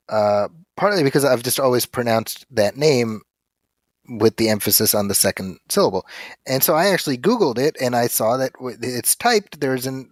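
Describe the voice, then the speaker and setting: A man co-hosting a podcast, chatting casually and reading listener mail with animated storytelling. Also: medium pitch, no echo, clean studio sound. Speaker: podcast co-host. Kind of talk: casual chat.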